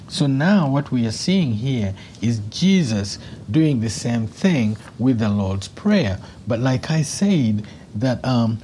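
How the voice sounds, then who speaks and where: A man's voice: medium pitch, dark tone, a little hiss or hum. A man preaching a teaching sermon on prayer, who builds to emphatic, repeated lines.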